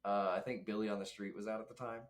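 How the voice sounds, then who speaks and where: A man's voice: lowish voice, fairly even intonation, fast. A young man, a guest telling rambling, reflective stories in casual chat. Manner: rambling, reflective, laughs often.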